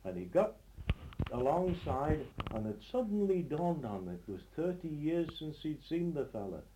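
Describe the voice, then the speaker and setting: A man telling a funny story at a relaxed, middling pitch, often circling back to correct himself. A light hiss runs beneath the recording. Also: normal speed, rough recording. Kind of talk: telling anecdotes.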